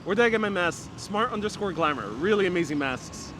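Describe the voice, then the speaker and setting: A man's voice: sits high, animated, brisk. A young man with a New York accent hosting a live stream while walking a city street, joking and reading out viewer comments. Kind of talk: casual live-stream chat. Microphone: wireless clip-on mic. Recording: loud street traffic behind.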